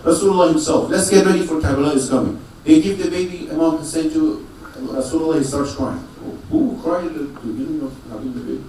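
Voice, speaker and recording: A man preaching to a congregation in a strongly echoing prayer hall, caught from a distance with faint room noise behind him. His voice sits a little high. He asks rhetorical questions, answers them himself, and comes back to the same phrases again and again. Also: dark tone. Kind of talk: religious sermon to a congregation. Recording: echoey hall, mic far off.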